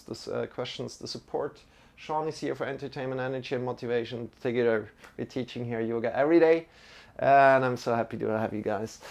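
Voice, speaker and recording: A man teaching a beginner yoga and meditation lesson as a live stream, talking in a relaxed, chatty way with many fillers. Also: mid-range voice, vocal fry. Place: home room.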